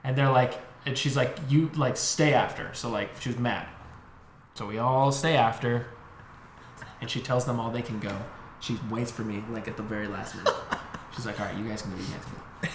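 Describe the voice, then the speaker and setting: Animated young man telling a story. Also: medium pitch, normal speed. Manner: animated storyteller, swears, acts out voices. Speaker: podcast co-host. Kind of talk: casual chat. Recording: echoey room with faint noise.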